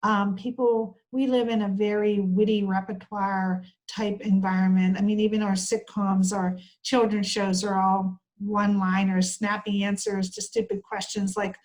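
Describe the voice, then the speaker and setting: A woman's voice: mid-range voice, level tone, normal speed, few pauses, a little mellow, poor audio. A woman giving an online training lecture on care communication, talking conversationally and acting out short example dialogues.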